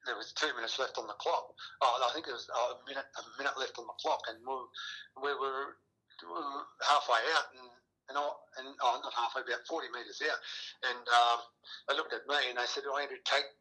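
A man's voice: mid-range voice, steady tone, brisk, bright, forceful tone, breathy edge, rough recording. A middle-aged man, a retired rugby player, talking casually as an interview guest, rambling with many restarts and fillers. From Australia.

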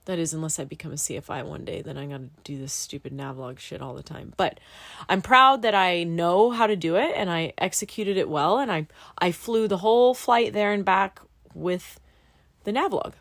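Brief: young woman, student pilot, candid storyteller, slightly low voice, dry close sound. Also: moderate pace, no echo. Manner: candid, animated storytelling with swearing. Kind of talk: casual podcast chat.

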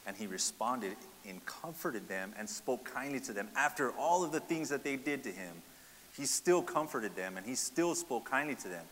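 A man's voice: mid-range voice, expressive, normal speed, fairly bright tone, in a large hall, a little hiss or hum. A man preaching a sermon, asking the congregation rhetorical questions and often adding "right?". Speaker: pastor.

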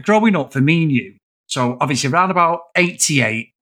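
A man's voice: fairly high pitch, brisk. A man, chatting animatedly and swearing on a film podcast. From England. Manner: animated, heavy swearing, loud laughing asides. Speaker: podcast co-host. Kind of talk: casual film podcast chat.

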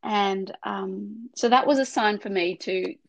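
A middle-aged woman, chatting on a podcast in a heartfelt, meandering way with frequent restarts. Her voice has a gravelly, fry-touched edge. The sound is close and dry, with little room echo. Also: mid-range voice, a little slow, dull audio. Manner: tearful, heartfelt, rambling with restarts. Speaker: podcast co-host. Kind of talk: casual faith podcast chat.

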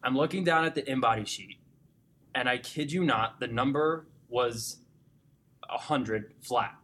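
A man's voice: medium pitch, unhurried. Enthusiastic male fitness coach telling client stories. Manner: animated storyteller, grows excited and emotional when recounting clients. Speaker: fitness gym owner or coach. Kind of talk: conversational interview storytelling.

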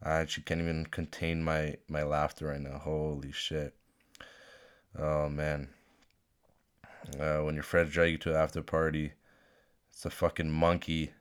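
A man's voice: extremely low pitch, level tone, measured pace, long pauses, clear, resonant tone. A young man hosting a solo podcast, ranting and rambling with lots of swearing and restarts. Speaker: podcast host. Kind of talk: unscripted solo rant. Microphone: phone.

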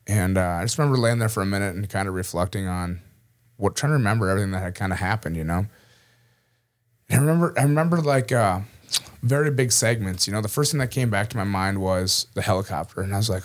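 A man's voice: lowish voice, fast. A man from Minnesota, an army veteran, telling a personal story in a casual way, chuckling often and saying "you know" a lot. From Minnesota, USA.

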